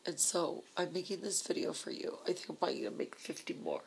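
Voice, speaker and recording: A woman recording a personal video letter to her husband, speaking softly and intimately, often slipping into a breathy half-whisper and sounding tearful. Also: on the low side, lively intonation, fast, a little hiss or hum, low-quality recording. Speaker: vlogger.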